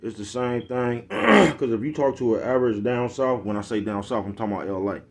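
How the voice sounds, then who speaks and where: A man with an East Oakland accent talks straight to his viewers in a loose, profane rant. His pitch sits at an ordinary middle, and he keeps asking whether his listeners follow him. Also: fairly quick, vocal fry. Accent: Bay Area Black American English. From East Oakland, California. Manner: blunt, profane street talk, repeats "you know what I'm talking about". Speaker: vlogger. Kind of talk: casual monologue.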